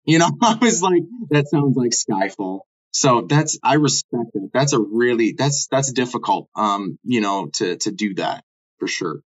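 A man who is a rapper, talking in a relaxed way with plenty of filler phrases in a casual group discussion. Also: mid-range voice, moderate pace, slightly rough. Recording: dull, lo-fi sound.

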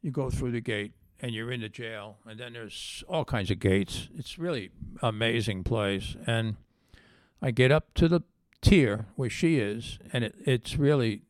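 A man's voice: medium pitch, a little slow, no room sound. A middle-aged man, a former undercover agent, telling his story in an interview and acting out the voices of the people in it. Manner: animated storyteller, acts out quoted voices.

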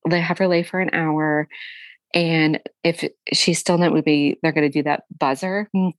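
A young adult woman, a guest, recounting a personal story candidly, halting and emotional, often quoting what she said. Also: deep voice, fairly even intonation, dry recording. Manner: frequent fillers and restarts.

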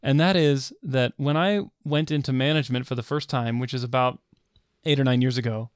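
A man's voice: medium pitch, steady tone, brisk, clean tone, dry recording, clean studio sound. A middle-aged man co-hosting a podcast, chatting casually and laughing often. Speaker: podcast co-host. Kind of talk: casual chat.

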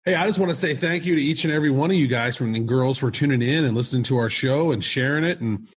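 A man's voice: medium pitch, quick pace, slight background noise. A man co-hosting a podcast, friendly and upbeat as he talks straight to the listeners. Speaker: podcast co-host. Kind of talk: casual podcast chat.

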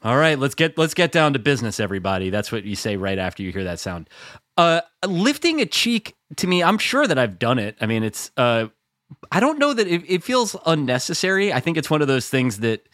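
A man co-hosting a podcast, chatting casually with deadpan humor. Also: medium pitch, fairly quick, dry recording, clean studio sound. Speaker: podcast co-host.

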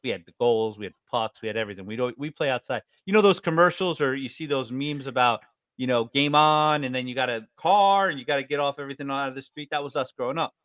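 A man's voice: fast, dry recording, clean studio sound. A man in his forties from New York State, telling stories in casual chat. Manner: animated storyteller, jumps up in pitch.

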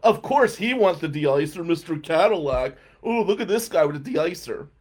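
A man voicing surly, mocking male oil-change workers who jeer loudly at a customer. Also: sits high, a little slow, voice pushed up. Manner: jeering, hostile and loud.

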